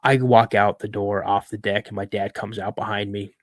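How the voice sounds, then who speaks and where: A man, a podcast host on as a guest, telling a story in a casual, animated way, acting out the voices he quotes and using plenty of fillers. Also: on the low side, normal speed, no echo.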